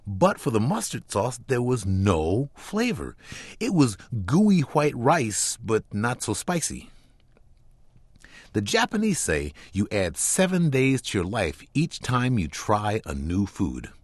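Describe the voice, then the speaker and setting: Man, low and lively-voiced, dry close studio sound, deadpan humorous commentary. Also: a little slow, no echo. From Chicago. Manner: wry, deadpan storytelling. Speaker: radio commentator. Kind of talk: scripted humorous radio commentary.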